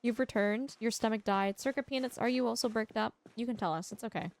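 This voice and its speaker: A woman livestreaming a game, chatting casually and teasingly with her viewers, with quiet music behind her. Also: fairly high pitch, fast. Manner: chatty, animated, teasing, talks to chat. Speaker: streamer. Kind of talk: casual livestream chat while gaming.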